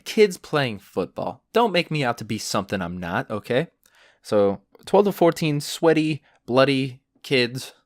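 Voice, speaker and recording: A young man hosting a podcast and telling stories in a rambling, sarcastic way, with lots of fillers, and his pitch jumps when he gets worked up. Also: no echo, clean studio sound. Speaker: podcast host. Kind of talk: casual solo storytelling.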